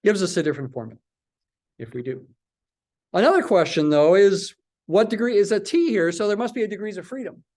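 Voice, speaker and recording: A man's voice: high voice, animated, brisk, a little mellow. A man teaching a statistics lecture, stressing points by repeating words and asking and answering his own questions. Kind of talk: recorded math lecture.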